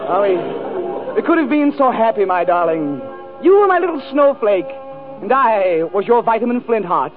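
A man's voice: high voice, sing-song, normal speed, over loud music, over a noisy crowd. A man performing a 1940s radio comedy monologue, declaiming in an overwrought mock-romantic way. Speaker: comedy show regular. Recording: tinny old radio broadcast. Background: orchestra and studio audience.

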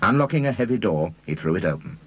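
A male narrator with a very low, husky voice reading a story. His delivery is measured, yet his pitch rises and falls in lively sweeps. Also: highs cut off. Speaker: audiobook reader. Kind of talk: scripted narration.

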